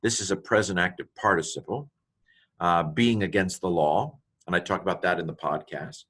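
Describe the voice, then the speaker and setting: A man's voice: low voice, moderate pace, fairly bright tone, breathy edge. A man teaching Greek in an informal walkthrough, thinking aloud as he parses each word with frequent ums and asides, delighted by small grammar finds.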